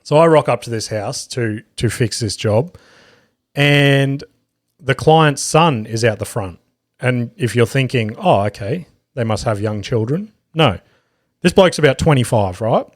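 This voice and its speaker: A young Australian man hosting a podcast, telling a story in a loose, profane, animated way and acting out the quotes. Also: medium pitch, unhurried, no room sound, clean studio sound. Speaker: podcast host.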